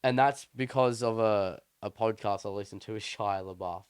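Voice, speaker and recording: A man's voice: on the low side, normal speed, smooth, no echo, clean studio sound. A young man co-hosting a podcast, chatting casually and telling a story in a rambling, slangy way with many restarts. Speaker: podcast co-host. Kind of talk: casual chat.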